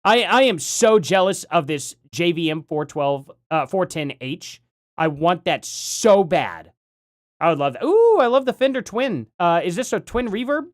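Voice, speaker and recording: A man's voice: high-pitched, big pitch swings, a little slow, no room sound, studio quality. A man hosting a live stream, chatting casually and rambling as he reacts to his chat, often laughing.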